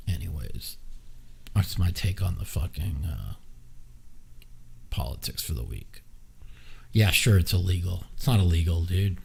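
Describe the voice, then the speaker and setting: A man's voice: sits low, animated, measured pace, gravelly, darkish tone, breathy edge. A man hosting his own podcast, giving blunt, profane, rambling opinions in a casual chat. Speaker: podcast host. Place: streaming with a live chat.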